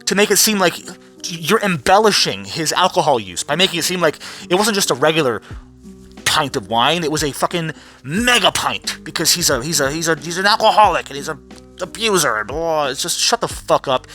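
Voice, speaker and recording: A man's voice: on the high side, animated, normal speed, pushed and bright, faint music behind. A man vlogging a profane, rambling commentary rant with frequent restarts. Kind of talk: ranting commentary vlog.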